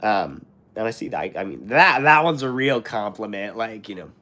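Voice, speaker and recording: A man's voice: lowish voice, lively intonation, moderate pace, pushed and bright. American man with a sick scratchy throat. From United States. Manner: rambling, many fillers and restarts. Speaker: channel host. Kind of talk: live stream chat, reading comments.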